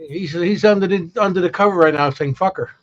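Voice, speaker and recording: A middle-aged man co-hosting a casual chat, talking in halting, rambling bursts with many restarts. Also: high voice, slight background noise. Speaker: co-host. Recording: muffled lo-fi audio.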